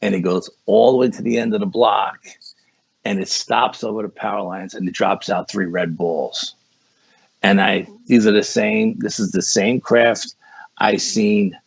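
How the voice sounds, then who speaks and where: A man with a low, husky voice tells a story as a podcast guest. He rambles along casually and keeps saying 'you know'. The sound is dull and lo-fi, with a dry room. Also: no echo. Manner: rambling, repeats words and says 'you know' often.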